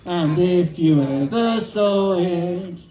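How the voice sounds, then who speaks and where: A man's voice: sits high, takes it slowly, mellow, distant mic, faint music behind. Theatrical Father Christmas man, echoey room. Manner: theatrical, sing-song, playful. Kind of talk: reciting a poem and leading carols for children.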